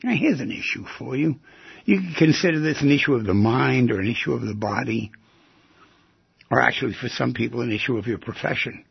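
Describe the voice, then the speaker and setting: This talk-radio monologue comes from a call-in host whose voice is gravelly, very husky, and medium in pitch. Speaking fairly quickly, he presses his listeners with one question after another, teasing them and erupting in abrupt loud outbursts. There's no echo, and the sound is dry and a bit dull.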